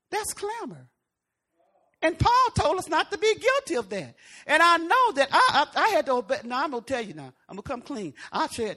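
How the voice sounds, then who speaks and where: A woman preacher giving a folksy, conversational sermon, swinging from loud emphatic lines to hushed asides. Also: high voice, big pitch swings, fairly quick.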